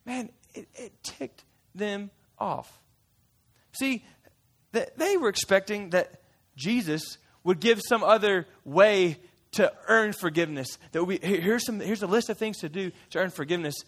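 Speaking unhurriedly in a high, somewhat bright voice, a man takes on the role of a folksy fisherman disciple. He shares his memories with a church group, chatty and playful, often adding asides.

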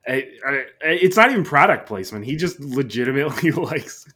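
A man's voice: mid-range voice, lively intonation, brisk, pushed and bright. A man co-hosting a podcast, chatting casually about a film in a laid-back way with frequent chuckles. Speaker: podcast co-host. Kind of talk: casual movie review chat.

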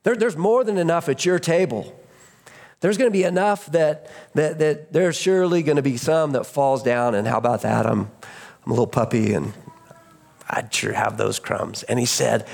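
A man preaching a sermon as pastor, retelling stories animatedly and acting out voices, shouting at the peaks. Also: medium pitch, moderate pace, creaky. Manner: storytelling, acts out voices in the story.

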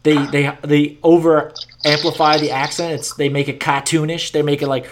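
A man's voice: on the high side, level tone, moderate pace, background noise. A man hosting a casual chat, talking in a rambling way with many restarts and plenty of swearing.

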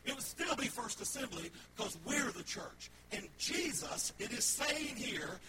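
A man's voice: sits high, very animated, unhurried, few pauses. A man preaching a sermon as pastor in a church sanctuary, emphatic and repetitive, with jokes at his own expense. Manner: emphatic, repetitive, self-joking. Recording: loud background noise.

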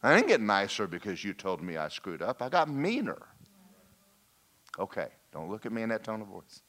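A man preaching a lively sermon, folksy and animated, slipping into mock voices and asides to the congregation. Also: on the low side, moderate pace. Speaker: pastor.

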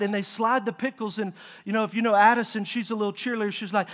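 Middle-aged guy preaching, real high voice for a man, animated storytelling, keeps asking the crowd stuff. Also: fast. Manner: animated storytelling with audience call-outs. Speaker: pastor. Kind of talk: sermon.

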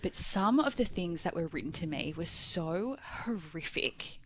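A woman co-hosting a podcast in casual chat, tearful and halting, her voice dropping to a whisper when she gets upset. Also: lowish voice, lively intonation, a bit bright, slight background noise. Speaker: podcast co-host.

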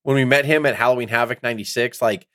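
A middle-aged man co-hosting a podcast in casual chat, rambling and excitable, swearing often as he talks. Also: medium pitch, fast, no room sound, clean studio sound. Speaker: podcast co-host.

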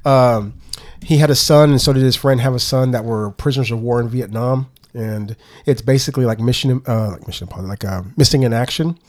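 A man's voice: medium pitch, a little fast. Middle-aged man chatting easily on a podcast. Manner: relaxed, slips into playful movie voices. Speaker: podcast co-host. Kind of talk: casual chat.

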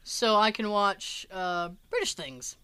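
Bright-voiced chatty woman. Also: mid-range voice, animated, takes it slowly, clean tone, no echo. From United States. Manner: chatty, laughing storyteller. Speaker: co-host. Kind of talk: casual chat.

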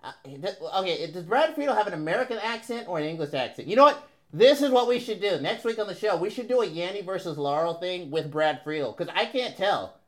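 A man co-hosting as the show's producer in casual chat, dropping wisecracks and deadpan one-liners. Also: high-pitched, a little fast. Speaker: producer and co-host.

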